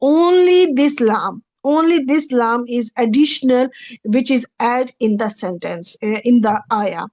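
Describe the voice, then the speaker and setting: A woman's voice: a little high, measured pace, darkish tone, no room sound, dull audio. Woman teaching over slides. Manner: patient, repeats and rephrases points, checks in with "okay". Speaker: Arabic grammar teacher. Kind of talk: recorded slide lecture.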